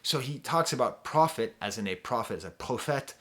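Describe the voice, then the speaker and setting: A man's voice: mid-range voice, animated, a little fast, fairly bright tone. An American man talking casually as an album reviewer, enthusiastic and full of asides as he explains lyrics. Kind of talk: casual music review talk.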